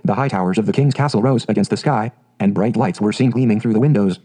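A man narrating a fairy tale audiobook in a steady, measured way. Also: fairly low pitch, breathy edge, rough recording.

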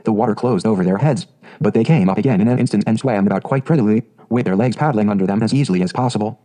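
Male storyteller, mellow warm tone, calm measured read. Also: on the low side. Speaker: narrator. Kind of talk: storybook narration.

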